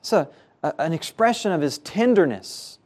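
A man's voice: on the high side, animated, moderate pace, a little mellow. A man preaching a sermon as pastor, earnest, his voice rising and falling for emphasis, at times repeating words.

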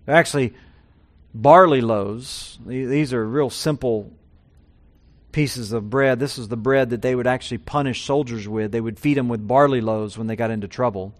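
A man preaching a sermon, his voice swelling loud and high on key points and dropping low and quiet on others. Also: moderate pace. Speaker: pastor.

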